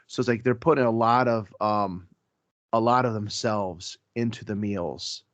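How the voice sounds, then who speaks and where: A man's voice: fairly low pitch, fairly even intonation, measured pace, a bit bright, no room sound. A man, a priest, chatting casually on a podcast and telling stories with asides and self-corrections. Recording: dry, slightly dull podcast audio.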